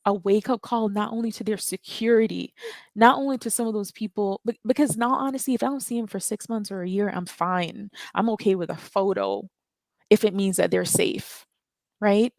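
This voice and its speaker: A woman's voice: medium pitch, lively intonation, moderate pace, gravelly, a little mellow, dry recording. A woman calling into a live audio chat, talking earnestly and emotionally and repeating her words when stirred. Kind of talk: impassioned call-in talk.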